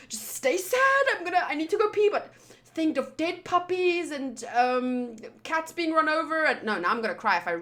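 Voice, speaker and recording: A woman with a slightly high, sharp-toned voice streams anime reactions, chatting casually with her viewers. She rambles and swears freely throughout the livestream.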